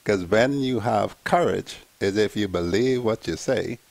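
A man's voice: on the low side, a little slow, vocal fry, a little mellow, dry recording. A man co-hosting a talk show, bantering dryly with the main host.

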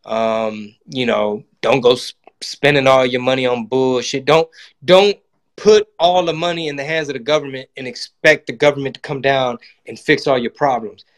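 A man's voice: mid-range voice, normal speed. A man giving a casual, profane political monologue and acting out quotes in voices. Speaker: comedian and channel host.

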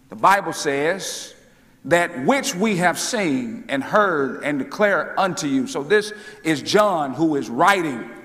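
A male minister preaching a sermon, asking the congregation questions and swinging between booming calls and hushed asides. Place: church sanctuary. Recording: church hall with long reverb.

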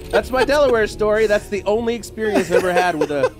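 A man's voice: high voice, lively intonation, moderate pace, loud music behind the voice. A man co-hosting a gaming show, chatting casually and telling jokey stories with lots of animation. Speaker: podcast co-host watching gameplay. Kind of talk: casual comedic chat.

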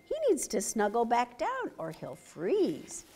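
A woman voicing a worried flock of little birds in a storybook read-aloud, speaking in a hurried, fretful way. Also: fairly high pitch, huge pitch swings, warm tone, slight background noise, heavily acted.

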